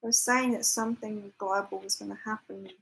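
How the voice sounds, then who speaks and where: A woman's voice: medium pitch, steady tone, fairly quick, creaky, fairly bright tone, a little hiss or hum, rough recording. A woman hosting a live psychic chat, talking casually with viewers, laughing often and reading out their comments. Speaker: psychic livestream host. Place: temporary lodging, staying away from home.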